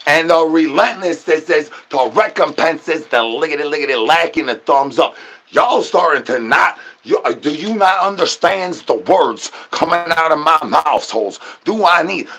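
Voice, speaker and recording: A man's voice: fairly high pitch, lively intonation, normal speed, a bit bright, slight background noise. A man hosting a livestream, rambling to his chat in absurd slangy patter full of repeated catchphrases. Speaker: livestream host.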